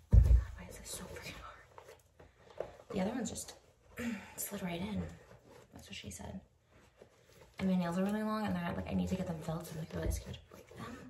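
A woman's voice: mid-range voice, creaky. Breathless, giggly woman vlogger, chatty, whispers asides; roomy, distant, noisy sound. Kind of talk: casual vlog chat. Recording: echoey room, distant mic, noisy.

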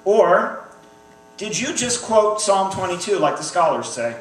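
A man's voice: sits high, big pitch swings, measured pace. A man performing a spoken-word poem at a church gathering, declaiming in a rhythmic way with a repeated refrain. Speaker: poet. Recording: echoey hall, recorded from far off.

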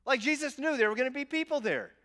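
A man's voice: extremely high pitch, fast, pushed and bright. A man in his forties preaching a sermon as a pastor, talking conversationally with self-deprecating humor and often restarting and repeating phrases.

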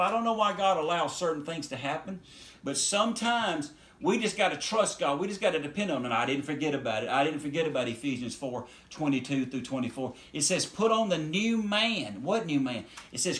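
A man's voice: high voice, a bit bright, echoey room. A middle-aged man preaching a sermon with fervor, repeating and restarting phrases as he builds to emphatic declarations. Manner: fervent, repetitive restarts, rising emphatic declarations.

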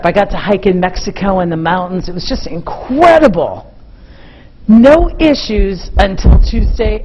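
A middle-aged woman giving a motivational keynote talk, telling stories to a live audience in an animated way. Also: medium pitch, slight background noise, poor audio. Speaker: keynote speaker.

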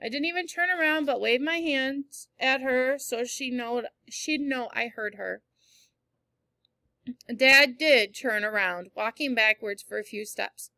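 A woman reading a first-person novel aloud in clear, steady storytelling. Her voice is fairly high and bright, and the recording is dry and close to the mic. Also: a little slow, dry recording. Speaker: audiobook reader.

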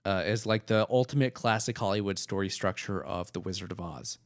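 A man's voice: low-pitched, brisk. A man co-hosting a film commentary podcast, talking through his analysis in a loose, rambling way full of fillers. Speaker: podcast co-host.

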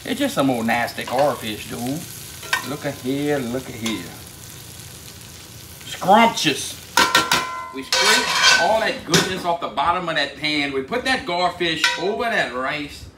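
A man's voice: fairly high pitch, very animated, measured pace, echoey room, heavy background noise. A man with a Cajun Louisiana accent, hosting a cooking video in a laid-back drawl. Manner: laid-back drawl, says "dude" a lot. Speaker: cooking channel host.

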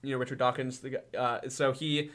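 Male podcast host, mid pitch, bright tense tone, casual and wry. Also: fairly quick. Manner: joking, deadpan sarcasm. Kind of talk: casual chat.

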